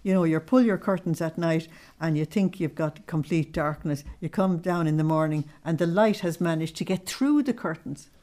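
Woman, deep low voice, religious teacher, measured and explanatory with small-group listeners. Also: darkish tone. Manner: measured, explaining with plain everyday examples.

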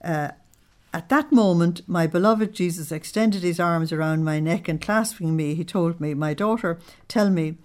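A woman's voice: lowish voice, a little mellow. Emphatic woman leading devotional study. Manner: emphatic, slows down to stress key words; asks listeners to check their understanding. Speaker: religious study group leader. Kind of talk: devotional teaching with readings aloud.

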